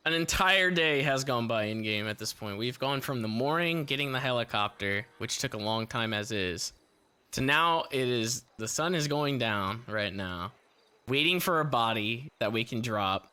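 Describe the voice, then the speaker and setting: A man's voice: mid-range voice, animated, normal speed, sharp tone, clean tone. A man streaming a role-play game, commenting in an exasperated way, swearing and laughing.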